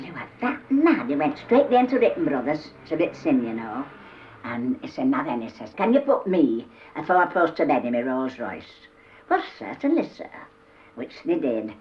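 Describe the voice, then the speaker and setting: An older woman with a Yorkshire accent telling humorous dialect stories, acting out the characters' voices with lively shifts. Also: rumbling low, a little hiss or hum. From Yorkshire, England. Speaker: dialect storyteller. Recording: roomy, dull old cassette tape.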